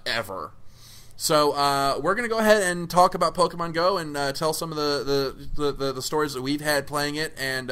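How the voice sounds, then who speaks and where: Bright-voiced rambling male podcast host. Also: mid-range voice. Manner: rambling, many fillers and restarts, swears casually. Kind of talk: casual podcast chat.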